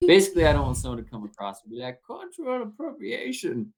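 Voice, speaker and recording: A man chatting as a podcast guest. His voice sits at a mid pitch, and he talks in a relaxed way that often turns hesitant and rambling. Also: racing. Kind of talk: casual podcast chat.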